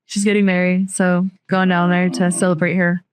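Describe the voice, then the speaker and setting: A woman's voice: lowish voice, flat delivery, normal speed, clean tone. A young woman on a podcast panel, chatting in an upbeat, friendly way. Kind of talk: casual chat.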